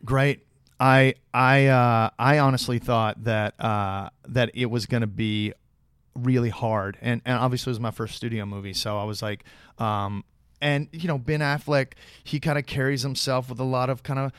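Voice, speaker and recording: A man's voice: medium pitch, steady tone, normal speed, smooth, dry recording, clean studio sound. A man, an actor guest, casually telling a long anecdote with frequent restarts and acted-out quoted dialogue. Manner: rambling, many restarts, acts out quoted dialogue.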